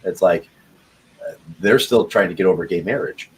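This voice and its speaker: A man's voice: low-pitched, moderate pace, husky, low-quality recording. A young man chatting casually as a podcast host, rambling and swearing often with frequent laughs. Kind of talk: casual chat.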